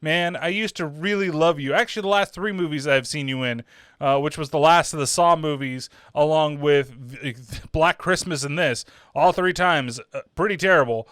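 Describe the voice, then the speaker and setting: A man hosting a horror podcast, giving a casual film review, animated, laughing often and swearing casually. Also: a little high, normal speed, clean tone, no room sound, studio quality.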